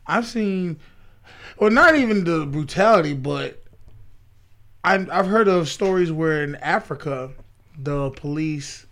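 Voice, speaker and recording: High-voiced opinionated man. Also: takes it slowly, long pauses. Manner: opinionated, animated, laughs while talking. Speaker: podcast co-host. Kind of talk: casual chat.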